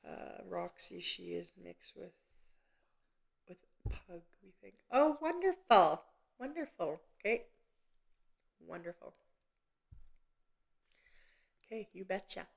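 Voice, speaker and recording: A woman hosts a live psychic reading and talks to a viewer in a gentle, unhurried way. She often stops, restarts and fills gaps with soft ums. Her voice sits at an ordinary middle pitch. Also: sing-song, gravelly. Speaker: psychic medium host.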